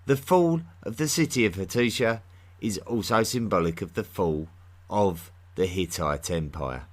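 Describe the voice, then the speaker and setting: A man's voice: low-pitched, a bit bright. A man from near London with a London accent, hosting a podcast and chatting casually through listener mail with plenty of fillers and restarts. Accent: London English. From England, near London. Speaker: podcast host.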